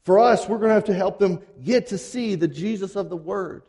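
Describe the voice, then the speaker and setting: A man preaching a sermon in a conversational, animated way, acting out quotes casually. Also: high voice, a little fast. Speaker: pastor. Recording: long hall reverb.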